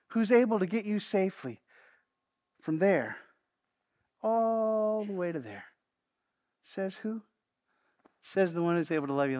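A man preaching from the pulpit in a notably high voice. He drives his points home with a repeated refrain. He shifts between booming emphasis and soft, hushed asides. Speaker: pastor. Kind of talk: sermon. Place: church service.

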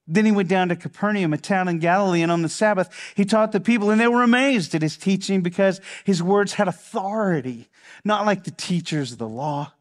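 High-voiced impassioned male preacher. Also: fairly quick. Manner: impassioned, repeats phrases for emphasis, drops to a hush. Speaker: pastor. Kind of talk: sermon.

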